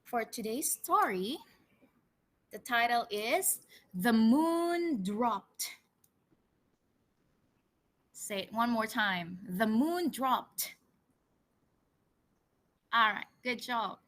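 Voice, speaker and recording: A woman leads children through a simple English vocabulary lesson before telling them a story. She talks very slowly and carefully, with a bright, forceful tone. Her voice sits slightly high, and she repeats each key word for the class to say back. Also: lively intonation. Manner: slow, deliberate prompting with repeated words. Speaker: English teacher.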